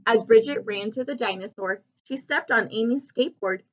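A woman reading a picture book aloud to children, expressive and pausing to ask the listener questions. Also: fairly high pitch, dull audio. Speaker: storybook reader.

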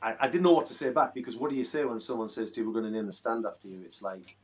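A man's voice: medium pitch, steady tone, rapid-fire, rough recording. A middle-aged man, a former footballer telling earnest, emotional stories in a casual interview. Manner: earnest, emotional, rambling storytelling.

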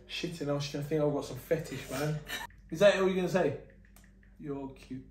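A man vlogging in casual chat, excitable and quick to laugh and swear. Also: fairly high pitch, echoey room, noisy background.

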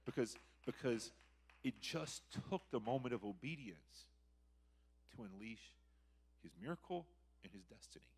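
A man preaching a sermon as a missionary, in a conversational way that swings between loud emphasis and quiet reflection, often restarting his sentences. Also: medium pitch, lively intonation, unhurried, creaky, pauses often, slightly rough.

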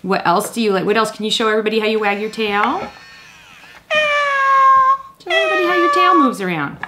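A woman's voice: mid-range voice, big pitch swings, fairly quick, sharp tone, a little hiss or hum. A woman in her thirties hosting a casual toy review vlog, chatty and playful, cooing at a toy kitten.

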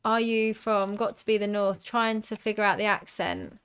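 Bright, clear-voiced southern English woman. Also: medium pitch, fairly even intonation, normal speed. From southern England. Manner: chatty, reads out cards and viewer comments. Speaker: streamer opening card packs. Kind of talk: live stream chat.

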